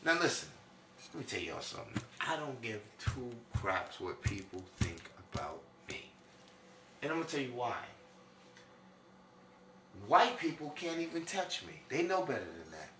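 A man from New York doing a loud, preachy comic monologue that swings between high and low. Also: big pitch swings, normal speed, far from the mic, noisy background. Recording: echoey room, from off-mic.

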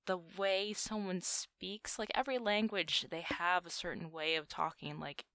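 A young woman co-hosting a podcast in casual chat, chatty and quick to laugh. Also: on the low side, no room sound. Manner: chatty, laughs often, animated. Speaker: podcast co-host.

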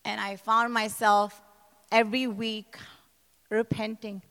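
A woman minister giving an emotional church testimony, speaking in a hall and building to passionate shouting. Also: mid-range voice, flat delivery, takes it slowly, smooth. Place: church service.

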